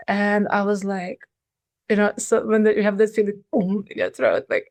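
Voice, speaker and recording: A middle-aged woman recounts a personal memory as an interview guest, speaking earnestly and haltingly, often restarting her sentences. Her voice sits at an ordinary middle pitch. The sound is close and dry, with no room echo. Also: flat delivery. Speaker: podcast guest.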